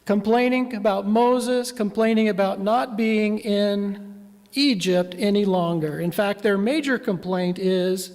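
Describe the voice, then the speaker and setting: A male minister tells the story at an easy, unhurried pace, asking his congregation questions as he goes. His voice sits high for a man. The sound carries the long reverb of a church hall. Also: darkish tone. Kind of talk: sermon with map.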